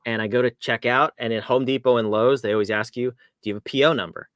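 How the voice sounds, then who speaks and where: A man's voice: medium pitch, fairly even intonation, fast, a bit bright, no echo. Jokey man, dry close sound. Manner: jokey, conversational. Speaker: podcast co-host. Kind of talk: casual chat.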